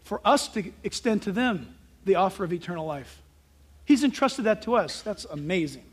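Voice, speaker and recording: A male pastor preaching a sermon in an animated way, asking rhetorical questions and breaking into sudden shouts. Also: high voice, moderate pace, breathy edge.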